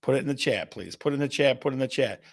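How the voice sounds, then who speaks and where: Guy hosting a live stream, raspy gravelly voice, keeps repeating stuff, pumped up. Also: medium pitch, rapid-fire. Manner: energetic, repetitive, reads viewer guesses aloud. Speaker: real estate show host. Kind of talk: live-stream call-and-response game with viewers.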